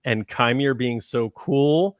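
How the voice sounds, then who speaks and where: A man's voice: medium pitch, slow pace, dry recording, clean studio sound. A man co-hosting a podcast, talking in a casual, jokey way and acting out quoted reactions as he reviews a show. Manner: animated, jokey storytelling with quoted asides. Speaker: podcast host.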